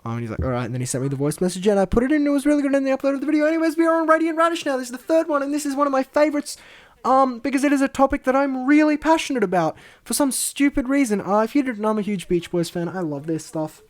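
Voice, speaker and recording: A young man giving a casual, rambling video commentary, self-deprecating and full of fillers, swinging between mumbling asides and excited bursts. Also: very high voice, very fast. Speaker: video creator.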